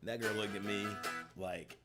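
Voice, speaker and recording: A man co-hosting a live stream in laid-back, rambling chat that often trails off quietly. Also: fairly low pitch, steady tone, moderate pace, music in the background. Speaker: co-host of a guitar shop live stream. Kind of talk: casual chat.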